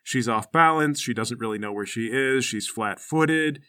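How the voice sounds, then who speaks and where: A man's voice: medium pitch, moderate pace, bright, forceful tone. A man running a tabletop game, narrating the scene with playful energy and sound effects. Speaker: game master.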